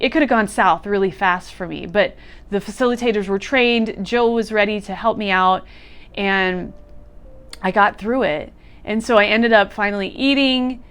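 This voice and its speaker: A woman guest telling a deeply personal story, candid and casual, swearing now and then and leaning on "like". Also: smooth. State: close to tears at times. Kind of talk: emotional personal testimony.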